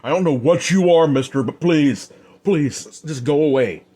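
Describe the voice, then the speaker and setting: A man's voice: a little high, a little slow, warm tone, breathy edge, pitched above the performer's own voice. A man voicing a frightened saloon bartender in a told Western tale, pleading in a raised, shaky voice.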